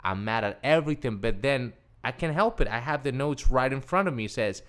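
A man being interviewed as a guest, telling a personal story in an excitable way and acting out the dialogue he quotes. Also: mid-range voice, a little fast, few pauses.

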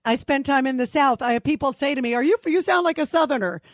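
A woman's voice: high voice, quick pace, dry recording. A woman radio talk show host from Brooklyn, giving emphatic, opinionated commentary and taking callers. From Brooklyn, New York. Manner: emphatic, opinionated, takes calls.

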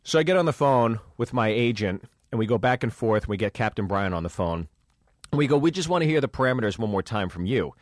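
A man's voice: lowish voice, lively intonation, fast, dry recording, studio quality. A man, a comedian co-hosting a podcast, telling a road story in casual chat and acting out the dialogue with plenty of swearing.

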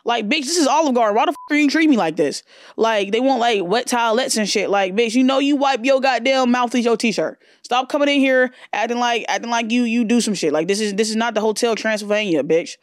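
A woman's voice: a little high, fast talker, no room sound, clean studio sound. Brash foul-mouthed woman podcaster. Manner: brash, profane, animated. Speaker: podcast host. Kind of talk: casual solo podcast chat.

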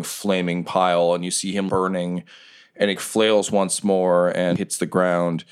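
A man running a tabletop game as game master, narrating the scene in vivid detail and slowing down for dramatic moments. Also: on the low side.

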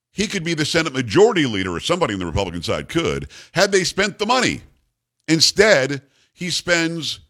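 A man's voice: a little high, fairly bright tone. A man hosting a political talk radio show, delivering an emphatic, ranting monologue full of rhetorical questions.

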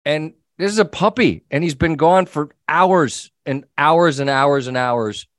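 A middle-aged man hosting a sports talk show, telling an animated story and acting out the people in it. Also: on the high side, a little slow, no echo, clean studio sound. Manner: animated storyteller, quoting himself and others. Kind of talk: casual storytelling chat.

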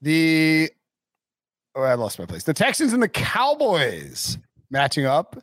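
A man in his thirties with a slightly high, very lively voice, ranting and mimicking quotes on a casual sports podcast. The sound is dry and close. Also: slow pace, no room sound. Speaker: podcast co-host.

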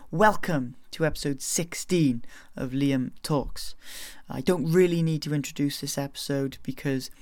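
A man's voice: fairly high pitch, dry recording. A man hosting his own podcast, chatting casually with self-mocking, rambling asides. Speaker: podcast host.

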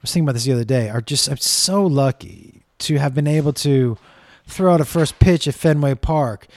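A middle-aged man hosting a casual comedy podcast, telling stories in an animated way, acting out the people he quotes, swearing often. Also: medium pitch, normal speed. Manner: animated storytelling, acts out quotes, swears, talks to his dog.

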